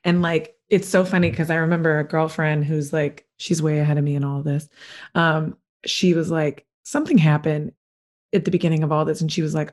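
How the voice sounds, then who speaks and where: Low-voiced, enthusiastic woman host. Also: fairly even intonation, a little fast. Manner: enthusiastic, heavy use of "like". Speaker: podcast host. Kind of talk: casual podcast chat.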